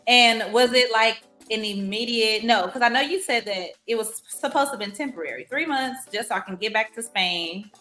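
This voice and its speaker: A woman host in casual interview chat, reacting quickly and asking follow-up questions. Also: a little high, pushed and bright, soft background music. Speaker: podcast host.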